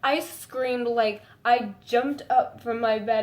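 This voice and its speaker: Gushing, excitable young woman fan. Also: moderate pace, few pauses. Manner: gushing and excitable, with frequent "like" fillers; breaks into high squeals when excited. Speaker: fan vlogger. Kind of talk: casual chat to camera.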